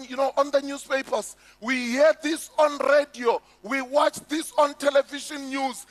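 South African pastor, emphatic sermon, unhurried delivery, echoey hall. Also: male voice, very high-pitched. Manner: emphatic preaching, rhetorical questions to the congregation. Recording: echoey hall with faint music.

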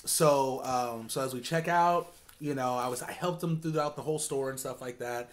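A young man co-hosting a food video at home, eating and talking. His telling rambles and loops back on itself, full of ums and false starts, and his pitch sits mid-range for a man. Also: moderate pace. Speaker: co-host. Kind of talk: casual storytelling during a mukbang. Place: indoors at home, eating on camera.

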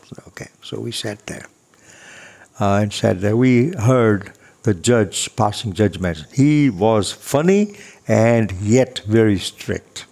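An older man telling a personal story casually, unhurried and chuckling, acting out the dialogue. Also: fairly low pitch, expressive, vocal fry, a little mellow.

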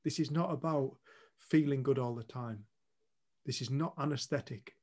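A man's voice: mid-range voice, moderate pace, darkish tone. A man co-hosting a retreat, telling a story to a group in a blunt, earnest way and swearing casually. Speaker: retreat co-host. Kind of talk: candid storytelling talk to a group.

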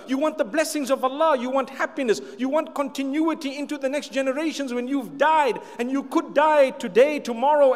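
High-voiced male preacher in a reverberant hall. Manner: emphatic, repeats key phrases, light humorous asides. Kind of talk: sermon to a live audience. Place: large hall with an audience.

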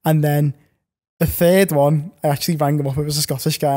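Brisk and steady in tone, with a mellow voice on the high side, a young podcast guest who resells online rambles through long stories. His casual chat is heavy with fillers and false starts.

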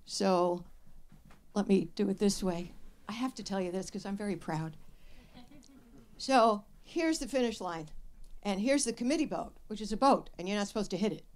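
An older woman hosting a live advice show, telling stories and answering questions in a blunt, wry and lively way. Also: mid-range voice, moderate pace. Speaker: radio advice host. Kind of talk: live show talk with an audience. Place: radio studio with live audience.

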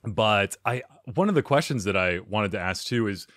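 Low-voiced man hosting a podcast. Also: lively intonation, moderate pace, a bit bright, no room sound, studio quality. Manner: easygoing, laughs often. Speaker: podcast host. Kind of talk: casual podcast interview.

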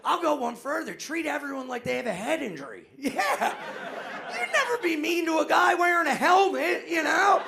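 A man doing a loud, manic, self-mocking stand-up set on a club stage in front of a live audience, often laughing at his own jokes. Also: very high-pitched, expressive, normal speed, creaky, background noise. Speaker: stand-up comedian.

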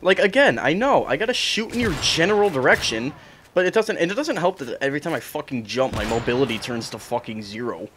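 Young guy raging at a shooter game, cursing a lot, voice jumps up and down, bit higher pitched. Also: very animated, brisk, noisy background. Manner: swearing, ranting, frustrated. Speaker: gaming streamer. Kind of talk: angry gameplay commentary.

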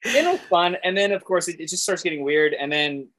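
Animated, laughing man telling stories. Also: sits high, brisk. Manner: animated, acts out quoted voices, laughs often. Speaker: guest animator. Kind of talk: casual interview storytelling.

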